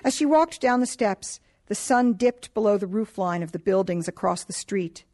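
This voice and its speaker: Calm woman reading an audiobook. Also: medium pitch, normal speed. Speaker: audiobook narrator. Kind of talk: scripted narration.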